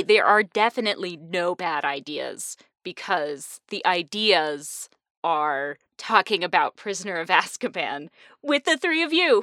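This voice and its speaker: A woman's voice: medium pitch, sharp tone, dry recording, studio quality. A woman hosting a casual podcast chat, bubbly and fond of puns, laughing often. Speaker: podcast host.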